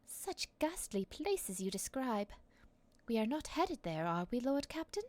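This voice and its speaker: A woman voicing a prissy young noblewoman who speaks in a slow, drawn-out, disdainful way. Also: fairly high pitch, very animated, a little mellow, no echo.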